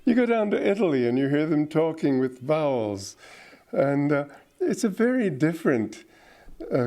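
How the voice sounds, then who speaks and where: Older man, spiritual teacher, reflective, chuckles often, slightly high voice. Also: very animated, normal speed, mellow. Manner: reflective, chuckling asides, playful mimicry. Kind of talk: informal spiritual talk.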